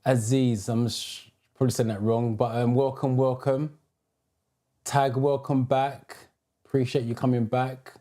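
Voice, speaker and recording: A man's voice: mid-range voice, flat delivery, measured pace, warm tone. A British man who teaches driving theory, hosting a live stream: he greets viewers by name, reads out their comments and gives advice.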